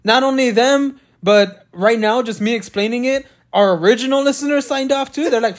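A man's voice: extremely high pitch, normal speed, hardly any pauses. A man co-hosting a podcast in casual chat, rambling and joking with a lot of swearing. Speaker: podcast co-host.

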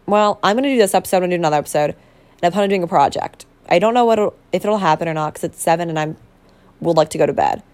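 A woman's voice: lowish voice, very fast, a little mellow. A young woman hosting a casual solo podcast, rambling and bubbly, full of fillers and self-corrections. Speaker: podcast host.

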